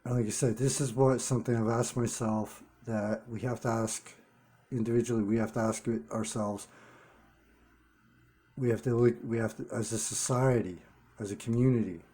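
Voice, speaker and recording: A man talking straight to his viewers in an unscripted monologue, earnest and halting, repeating key words for emphasis. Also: medium pitch, fairly even intonation, dark tone. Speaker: vlogger running a one-person channel.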